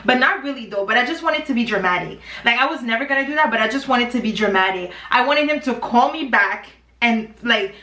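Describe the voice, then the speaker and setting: A woman in her twenties tells a dramatic storytime while doing her makeup. Her talk is slangy and chatty, and her voice is bright. She sounds a little distant, in a roomy space with echo. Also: a little high. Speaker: beauty vlogger.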